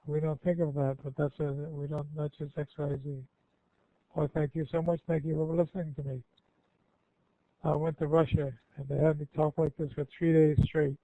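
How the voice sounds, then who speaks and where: A man's voice: fairly high pitch, gravelly, dry recording. Rambling older man on a tinny line. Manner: rambling, folksy, self-correcting. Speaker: guest speaker. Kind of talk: informal Q&A talk to students.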